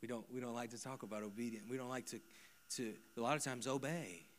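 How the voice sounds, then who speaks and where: A male pastor delivering a sermon to his congregation at a church service. His voice sits at an ordinary middle pitch. He drops into quiet, personal asides and then builds to loud, emphatic repetition. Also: fast talker.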